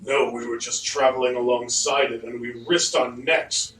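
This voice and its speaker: A man's voice: mid-range voice, level tone, normal speed, fairly bright tone. A man playing a tabletop role-playing game, speaking in character in a defensive, heated manner. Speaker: player. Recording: echoey room, distant mic.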